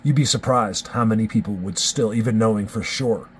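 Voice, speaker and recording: A man's voice: fairly low pitch, brisk, a little hiss or hum. A man from New Jersey, a Bigfoot researcher, talking in a rambling, emphatic vlog rant. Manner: rambling and emphatic, restarts often.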